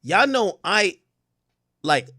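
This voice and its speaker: A man from Jamaica hosting a livestream, ranting loudly and profanely, dropping from shouts to low mutters. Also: sing-song, extremely slow, no room sound, studio quality. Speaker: livestream host. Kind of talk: animated livestream rant.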